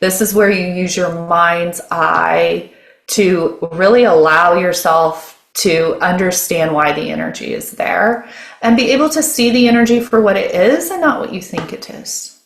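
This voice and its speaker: A woman's voice: lowish voice, unhurried. A woman speaking as a guest mentor, explaining her method in conversation, often restarting phrases and checking in with "okay?". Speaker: guest, nervous system mentor. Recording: roomy echo.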